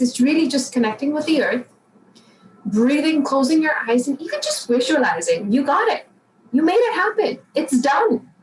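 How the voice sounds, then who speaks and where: A woman coach speaks in a calm, encouraging voice that sits a little high, and she often repeats positive affirmations. She sounds far from the mic in a roomy space. Faint noise stays in the background. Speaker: emotional intelligence coach, guest. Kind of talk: podcast interview answer.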